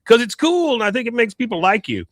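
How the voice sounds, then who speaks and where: Man doing a young boy voice, high-pitched, eager, rushed, dry. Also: big pitch swings, fairly bright tone, no echo, exaggerated voice. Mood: excited. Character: excitable young boy, money-obsessed.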